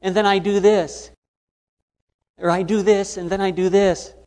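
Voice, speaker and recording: A man's voice: high-pitched, flat delivery, a little slow, a little mellow, voice pushed up. A man voicing an eager, cheerful man who explains things plainly and repeats himself as he demonstrates. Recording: long hall reverb.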